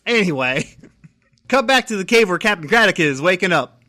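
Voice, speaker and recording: A man co-hosting a fiction podcast, loose and rambling with frequent giggles. His voice sits high for a man. It sounds bright and lively. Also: moderate pace. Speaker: podcast co-host reading fiction. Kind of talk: casual chat and story reading.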